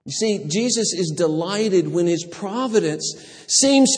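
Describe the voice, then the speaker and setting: A man pastor preaching a sermon, animated, acting out the voices of people in the story he tells. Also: a little high, a little slow, husky. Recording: long hall reverb.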